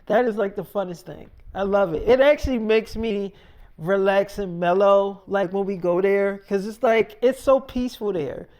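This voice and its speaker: A man voicing his clingy, eager young wife in a soft, sweet and pleading tone, close to his own voice. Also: high-pitched, moderate pace, close to an everyday voice.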